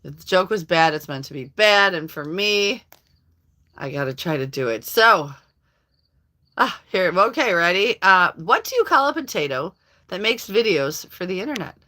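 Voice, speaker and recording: Middle-aged lady chatting on her live stream, bright voice, laughs a lot, reads out viewer comments. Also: on the low side, lively intonation, normal speed. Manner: chatty, laughs often, talks to viewers by name. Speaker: livestream host reading viewer comments. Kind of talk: casual live-stream chat.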